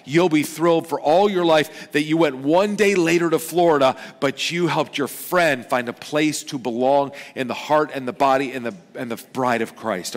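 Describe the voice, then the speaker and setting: Joking pastor in a big echoing church. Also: male voice. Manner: chatty and joking, with lively swings in pitch and loudness. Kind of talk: sermon. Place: large church auditorium. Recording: long hall reverb.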